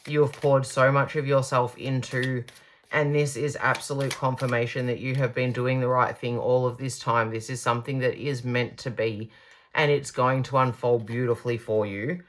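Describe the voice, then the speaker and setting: A woman's voice: very deep voice, fairly even intonation, moderate pace. A woman giving a pick-a-card tarot reading, gushing and reassuring, stretching out her emphatic words.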